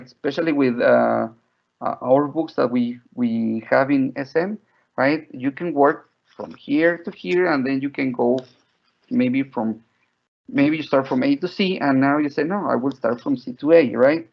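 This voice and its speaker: A man's voice: mid-range voice, measured pace, gravelly. A man leading an online teacher-training lecture in a chatty way, often checking in with his listeners. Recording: dull lo-fi online audio.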